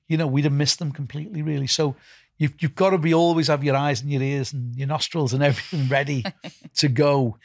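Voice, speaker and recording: A man's voice: fairly high pitch, vocal fry, breathy edge, no echo, clean studio sound. A middle-aged man with a Liverpool accent, being interviewed as a festival founder, rambling with lots of restarts and "you know". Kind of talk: casual interview talk.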